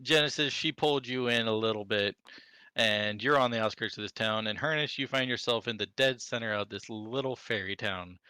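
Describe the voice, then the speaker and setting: Bright-voiced man running a tabletop game. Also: on the low side, moderate pace, clear, resonant tone, dry recording, studio quality. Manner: loose, chatty narration with fillers and giggly fairy voices. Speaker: game master.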